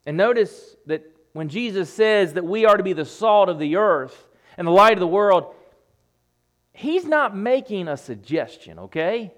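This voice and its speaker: A man's voice: high-pitched, very animated, unhurried, a bit bright. A man preaching a sermon, emphatic, repeating phrases and dropping his voice for effect.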